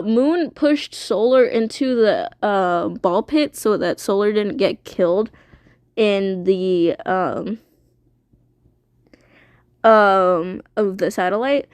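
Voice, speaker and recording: A woman's voice: mid-range voice, darkish tone, no echo, studio quality. A woman streamer casually retelling a story, rambling and swearing with lots of fillers.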